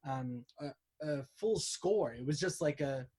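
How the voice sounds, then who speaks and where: A man in casual chat about movies, rambling and animated with frequent restarts. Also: fairly high pitch, a little slow, husky.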